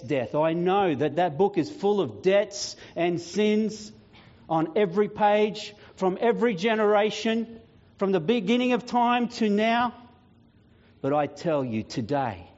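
A risen divine saviour, performed by a man, defiantly answers Death in a dramatic sermon monologue. The voice sits a touch high and moves very slowly, with weighty pauses. The recording sounds dull and lo-fi. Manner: slow, solemn proclaiming with long pauses, growing quieter and weightier.

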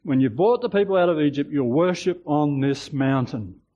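A man in his sixties voicing God as a calm, reassuring figure in slow, measured speech. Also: on the high side, highs cut off, close to an everyday voice.

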